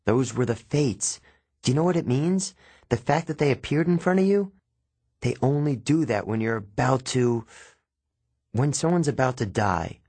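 A man's voice: mid-range voice, expressive, moderate pace, darkish tone, husky, no echo. A man doing a jittery young satyr. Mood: urgent. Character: nervous young male satyr, jittery and touchy.

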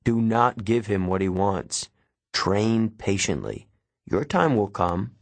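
A man voicing an older male centaur teacher, measured and gentle, in an audiobook. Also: fairly low pitch, very animated, vocal fry, no room sound, heavily acted. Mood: grave.

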